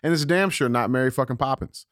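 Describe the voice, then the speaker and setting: A man's voice: mid-range voice, fairly bright tone, no room sound, clean studio sound. A man co-hosting a casual political talk show, agreeing readily and swearing as he argues. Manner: agreeable sidekick, quick affirmations, profane. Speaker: podcast co-host.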